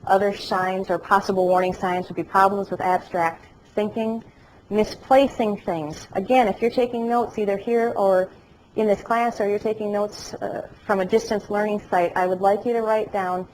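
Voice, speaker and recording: A woman teaching a class as an educator, telling animated stories with jokes along the way. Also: medium pitch, moderate pace, slight background noise, low-quality recording. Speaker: dementia care educator. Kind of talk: lecture to a class, also telecast. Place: classroom or lecture hall.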